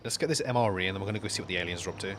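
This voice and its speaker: Young dude streaming, lowish voice, rambly and full of ums, faint hiss behind. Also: male voice, racing. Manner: rambling storyteller, heavy on fillers and restarts. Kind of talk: casual chat while gaming on stream.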